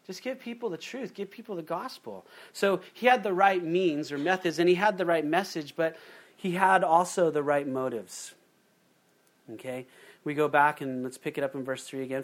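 This middle-aged pastor's sermon comes in a voice unusually high for a man, delivered at a normal speed. A vivid storyteller, he takes on various voices to perform the quotations he shares.

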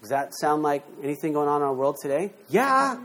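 A man in middle age delivers a sermon with a slightly higher-pitched voice. He is emphatic, pushing rhetorical questions at the congregation and swinging between loud punches and quiet asides. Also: brisk, a little hiss or hum. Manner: emphatic, rhetorical questions, lively shifts in loudness. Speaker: pastor.

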